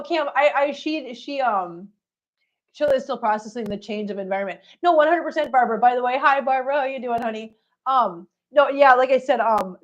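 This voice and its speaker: With the sound coming through dull, a woman chats casually with livestream viewers from her floor at home, cooing baby talk to her cat and laughing often. She hosts a cat channel and speaks in a fairly high voice.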